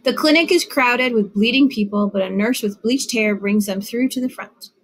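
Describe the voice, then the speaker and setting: A woman narrating a literary short story in a measured storytelling manner with lively phrasing. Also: fairly high pitch. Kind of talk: literary fiction reading.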